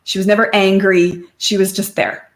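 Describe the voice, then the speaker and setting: At a normal speed and medium pitch, a middle-aged woman appears as a podcast guest for a candid personal interview. She discusses her life in an open, conversational way and brings her friends' remarks to life with animated quoting.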